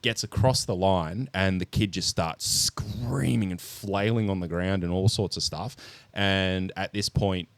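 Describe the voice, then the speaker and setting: A man co-hosting a podcast, telling a film's story in an animated, sweary way with lots of ums. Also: sits low, unhurried, no echo. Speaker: podcast co-host. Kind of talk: casual podcast chat, movie review.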